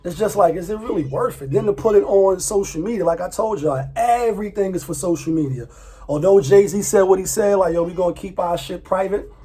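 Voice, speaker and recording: Husky-voiced man ranting casually. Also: high-pitched, brisk, mellow. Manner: loose, profane, repeats himself, laughs often. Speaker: vlogger. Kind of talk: casual commentary.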